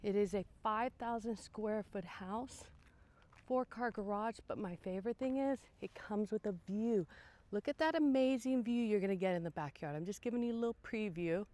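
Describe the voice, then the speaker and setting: A woman's voice: medium pitch, normal speed, warm tone, big-room sound. A woman real estate agent giving a casual walking tour of a house, chatty and enthusiastic as she points out features. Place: outdoors then inside a large house.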